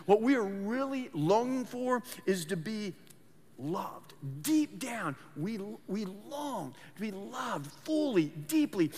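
This man's husky, high-sitting voice carries an earnest sermon he preaches as pastor, with frequent repeated words whenever he restarts a phrase. The sound rings with long hall reverb.

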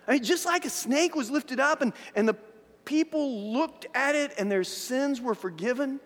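High-voiced pastor preaching in a reverberant hall. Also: male voice, moderate pace. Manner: animated storytelling, acting out voices of biblical figures; repeats words and restarts often. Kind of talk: sermon.

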